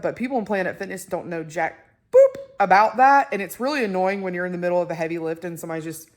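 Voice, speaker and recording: Casting: a young woman vlogger, lowish voice, chatty and excitable. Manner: chatty, excitable, lots of fillers. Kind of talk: casual chat to camera.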